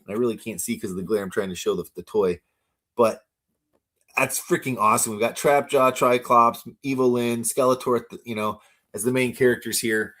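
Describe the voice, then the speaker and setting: A man hosting a live toy unboxing stream, gushing with excitement and often stumbling over his words as he reads viewer comments. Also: mid-range voice, moderate pace. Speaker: toy collector livestream host.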